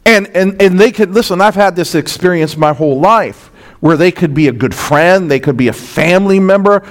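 A male pastor delivering a verse-by-verse sermon in a fairly high voice. He is earnest and emphatic, checking in with the congregation through quick rhetorical asides. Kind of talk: expository sermon.

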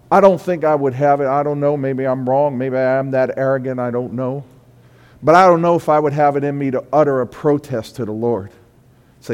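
A pastor preaching a sermon in a church, moving between quiet confession and loud, high-pitched exhortation. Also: male voice, normal speed, big-room sound. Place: church sanctuary.

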